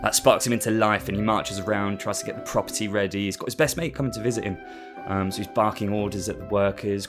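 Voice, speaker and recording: Deep-voiced man rambling through a story. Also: steady tone, fast, music in the background. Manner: rambling, with many fillers and restarts, and amused. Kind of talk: casual storytelling recap.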